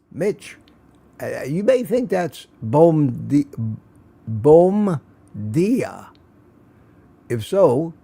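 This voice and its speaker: A man's voice: a little high, dark tone. An older man hosting a casual morning livestream, greeting viewers by name in a chatty, self-mocking way. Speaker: livestream host.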